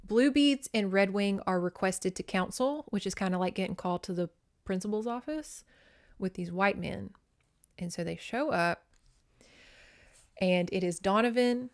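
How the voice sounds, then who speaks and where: A woman's voice: medium pitch, normal speed. A young woman podcast host recapping a novel in a casual, chatty way, swearing often and acting out the characters.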